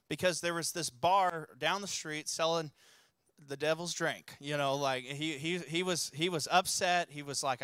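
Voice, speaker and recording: A man's voice: a little high, pushed and bright, no echo. A man preaching a sermon as a pastor, telling stories in a conversational way with frequent restarts and rising to urgent exhortation. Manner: conversational storytelling with many restarts.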